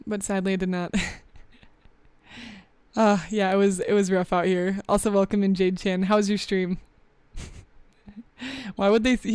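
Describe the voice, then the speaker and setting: A woman's voice: medium pitch, darkish tone, clean tone, dry recording. A young woman streaming casually, chatting with her viewers and reading the chat aloud. She is a bit scatterbrained, laughs often and sounds slightly out of breath. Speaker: VTuber streamer.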